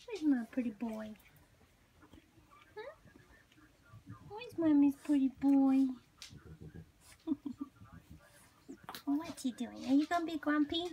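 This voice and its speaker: A woman's voice: sits high, lively intonation, slow, long pauses, mellow, a little hiss or hum. A woman talking baby talk to her puppies, cooing and sing-song, laughing often between lines. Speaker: dog breeder talking to puppies. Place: indoors with puppies.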